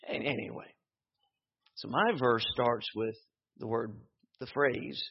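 Casting: male preacher, husky voice, lively sermon with humor, lo-fi church recording. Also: mid-range voice, slow, pauses often. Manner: animated preaching with humor and repetitions. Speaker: pastor. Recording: dull lo-fi sound.

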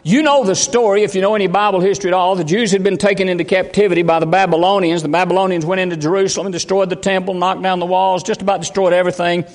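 Pastor, high-pitched man, fervent folksy preaching, reverberant sanctuary. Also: flat delivery, very fast, few pauses. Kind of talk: sermon. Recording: long hall reverb.

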